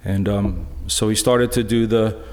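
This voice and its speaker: A middle-aged man giving a personal testimony talk in a church, halting and earnest, full of restarts. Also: fairly low pitch, steady tone, a little mellow, a little hiss or hum. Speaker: lay speaker sharing a personal witness. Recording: echoey church hall.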